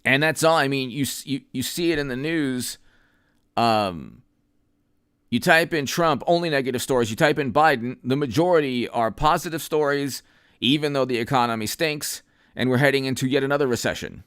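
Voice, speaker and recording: A man hosts a political commentary stream off the cuff. His smooth, resonant voice sits at an ordinary pitch, and he rambles and stresses points emphatically. The sound is dry and close. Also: normal speed, fairly bright tone, no room sound. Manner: rambling, emphatic, with frequent restarts; reads out viewer names and thanks them. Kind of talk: unscripted political commentary livestream.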